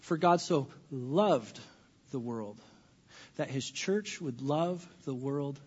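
A man in his thirties preaching a sermon in a church, swinging between hushed, earnest lines and loud, playful bursts. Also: mid-range voice, lively intonation, slow pace, slightly rough, dull audio. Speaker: pastor. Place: church sanctuary.

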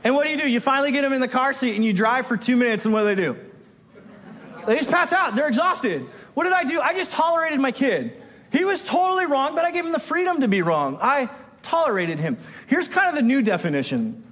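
A man's voice: very high-pitched, very animated, a little fast, fairly bright tone. A man preaching a sermon in a church, conversational and self-interrupting, often acting out the voices he quotes. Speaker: pastor. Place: church sanctuary. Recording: long hall reverb.

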